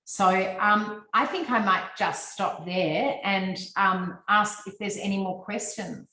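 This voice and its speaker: A woman's voice: mid-range voice, takes it slowly, sharp tone, roomy sound, low-quality recording. An Australian woman giving a fluent, instructive business talk over a video call, with frequent ums. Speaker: guest speaker on personal branding. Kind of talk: presentation to a business audience.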